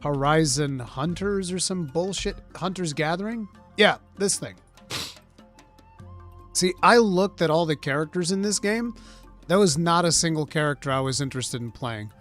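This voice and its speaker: A man's voice: on the high side, normal speed, a bit bright, soft background music. A man hosting a live gaming talk show, giving blunt, rambling, profane opinions. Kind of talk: casual gaming commentary.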